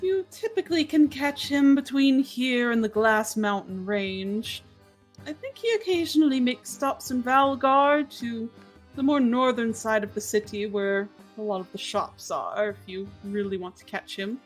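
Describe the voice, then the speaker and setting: A woman's voice: high-pitched, very animated, slow pace, faint music behind, voice pushed up, full character voice, poor audio. A woman voicing a sarcastic, irritable male moon elf shopkeeper in a tabletop game. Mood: grudging. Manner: exasperated, sarcastic, sighing.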